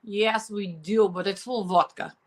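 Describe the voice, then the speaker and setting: A woman's voice: medium pitch, normal speed, a little hiss or hum, natural voice. Woman putting on a blunt Russian-accented lady. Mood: deadpan blunt. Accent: put-on Russian. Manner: deadpan, blunt broken English. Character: brash Eastern European woman Svetlana, deadpan. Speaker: co-host. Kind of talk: comedic talk show banter.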